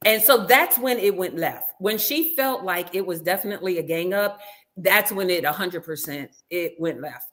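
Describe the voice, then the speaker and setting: Her voice is on the low side and fairly bright, at a normal pace. She's a woman from a reality show cast, a guest in a casual interview, recounting events animatedly and acting out other people's words.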